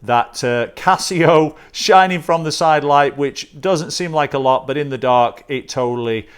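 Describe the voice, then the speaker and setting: Male vlog host, a little higher-pitched than most men, upbeat and chatty for a casual unboxing. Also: measured pace, smooth. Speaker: host of a watch channel.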